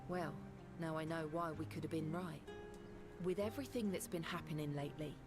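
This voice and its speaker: A woman plays a weary woman traveler in a video game, talking quietly and thoughtfully in a lowish voice. Game music sits clearly behind her. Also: fairly quick, natural voice. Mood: musing. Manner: quiet, reflective storytelling. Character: weary young woman traveler recalling a dream.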